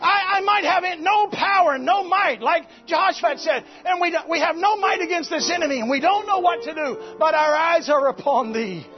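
A man preaching a fervent sermon at a church service, shouting exhortations and calling out to the congregation. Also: extremely high pitch, moderate pace, few pauses, muffled recording, faint music behind. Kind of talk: Pentecostal-style sermon.

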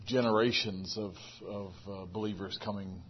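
A man speaks slowly and reflectively in a low, flat, husky voice. He pauses often as he gathers his thoughts. The recording is dull and sounds a little off mic. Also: a little hiss or hum. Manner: quiet, reflective, halting.

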